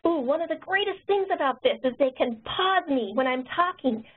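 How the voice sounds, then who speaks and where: A woman nurse educator and author who talks quickly, presenting a webinar. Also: high voice, lively intonation. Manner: fast-talking. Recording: tinny phone-line webinar audio.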